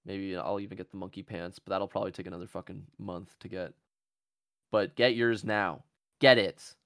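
A man hosting a casual comedy podcast. He rambles from joke to joke and swears freely. His voice sits low, and the recording is dry and close. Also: steady tone, moderate pace, fairly bright tone, no room sound. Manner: profane, joking, rambling. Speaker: podcast host.

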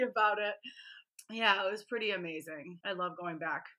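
A woman talking as a guest in a relaxed interview. Her voice is bright and forceful, and she chats freely, laughing often and acting out what people said. The talk is casual and lively. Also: medium pitch, moderate pace. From Michigan, USA. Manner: chatty, laughs often, acts out quotes.

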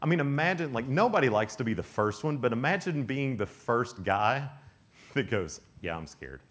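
Animated young male youth preacher. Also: medium pitch, moderate pace. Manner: animated storytelling, acts out voices, laughs often. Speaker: youth speaker. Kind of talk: youth camp sermon.

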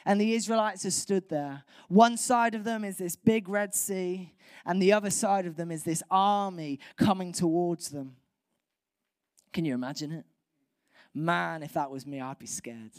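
A woman pastor preaching a sermon, animated and acting out voices from the story. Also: mid-range voice, unhurried, no echo, clean studio sound. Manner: animated, acts out voices of biblical crowds.

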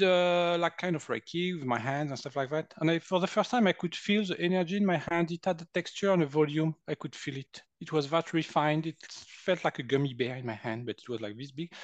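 A man's voice: fairly high pitch, dry recording, muffled recording. A man in his fifties from France with a French accent, a guest energy healer animatedly telling personal stories and acting out quotes. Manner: animated, acts out quotes, laughs often. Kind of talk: personal storytelling in conversation.

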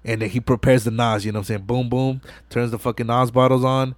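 A man hosts a podcast and walks through a movie in loose, profane street slang, full of fillers. His voice sits at a middle pitch, and the recording is close and dry, with no room echo. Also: fairly quick, few pauses. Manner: slangy, profane, animated storytelling with many fillers. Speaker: podcast host. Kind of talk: casual movie recap.

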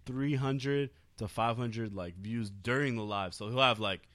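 A man's voice: mid-range voice, unhurried, fairly bright tone, no room sound. A young man co-hosting a casual drinking podcast, talking loosely with crude jokes and laughs. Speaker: podcast co-host.

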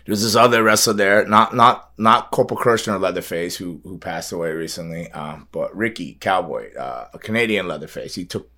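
A man's voice: deep voice, fairly quick, few pauses, bright, forceful tone. A man telling a long story as a guest, rambling with many fillers, repeats and frequent laughs. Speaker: guest, wrestler. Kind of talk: casual storytelling.

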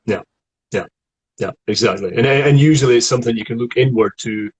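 Husky Scottish voice coach. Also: male voice, medium pitch, fairly quick, a little mellow, poor audio. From Scotland. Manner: chatty, explanatory, frequent restarts. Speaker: acting voice coach. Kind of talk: online acting lesson conversation.

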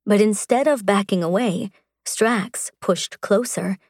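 A woman reading an audiobook in a measured, sensual storytelling style. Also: mid-range voice, darkish tone, no room sound, clean studio sound. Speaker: audiobook narrator. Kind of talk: scripted narration.

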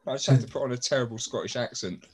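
A man's voice: mid-range voice, racing, crowd noise. A man hosting a casual chat with friends from a home garage studio, sweary and joking. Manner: sweary, jokey and loud. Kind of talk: casual banter among friends.

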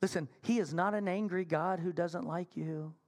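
A man preaching a sermon as senior minister in a church sanctuary. He tells his story playfully and animatedly, then drops to soft, hushed appeals. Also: high voice, fairly even intonation, normal speed.

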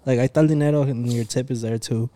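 A man's voice: medium pitch, steady tone, rapid-fire, mellow. A young man chatting casually with friends, telling a long story that switches freely between English and Spanish slang and is full of swearing and quoted dialogue. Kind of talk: casual chat among friends.

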